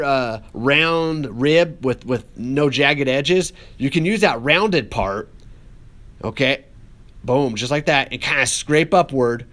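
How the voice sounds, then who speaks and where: A man's voice: a little high, a bit bright. A man teaching a pottery lesson, talking casually and cheerfully while he works the clay and encourages his students. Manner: upbeat and encouraging, talks while working with hands. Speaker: art teacher. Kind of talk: casual classroom demonstration.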